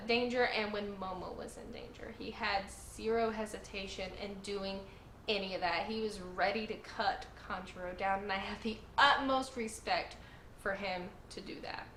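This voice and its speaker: A woman hosting her own channel, recapping a story with gushing, emphatic enthusiasm and repeated exclamations. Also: medium pitch. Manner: gushing, animated, emphatic repetition. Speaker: host. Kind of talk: excited casual recap. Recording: echoey room with faint noise.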